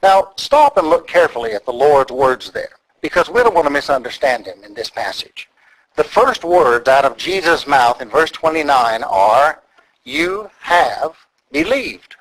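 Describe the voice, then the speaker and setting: A man preaching an expository sermon, deliberate and emphatic as he walks through the text. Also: mid-range voice, lively intonation, a bit bright, low-quality recording. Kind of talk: sermon teaching.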